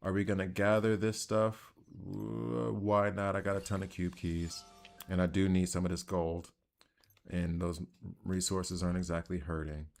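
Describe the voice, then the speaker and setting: A man with a deep, low voice and a Southern accent talks his way through a video game. His commentary is loose and rambling, and he keeps laughing at his own odd tangents. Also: level tone, moderate pace, creaky, darkish tone. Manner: rambling, self-deprecating, chatty. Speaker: gaming channel host. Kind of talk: casual gameplay commentary.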